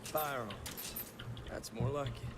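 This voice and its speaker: An actor playing a wary video game hero, speaking in terse mutters. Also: male voice, mid-range voice, slow pace, close to an everyday voice. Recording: game audio under loud noise.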